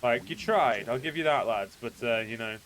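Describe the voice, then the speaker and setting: A man's voice: medium pitch, animated, moderate pace, fairly bright tone, a little hiss or hum. A man streaming a fantasy video game, chatting casually about the fights and reading the on-screen text aloud. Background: game music.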